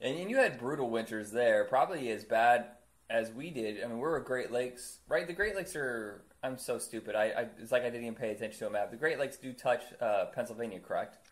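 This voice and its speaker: A man's voice: mid-range voice, lively intonation, fairly quick. A man from Indiana with an Indiana accent, co-hosting a casual chat and telling blunt, profane stories. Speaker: podcast co-host.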